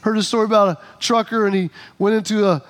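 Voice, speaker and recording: A pastor with a strikingly high voice for a man preaches to his congregation. He talks casually and tells humorous stories. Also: steady tone, fast. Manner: conversational, humorous storytelling. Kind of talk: sermon.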